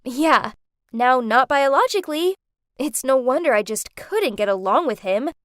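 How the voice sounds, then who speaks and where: A woman's voice: high-pitched, animated, a little slow, fairly bright tone, no echo, studio quality. A woman voicing a carefree teenage twin sister who talks in a breezy, casual way.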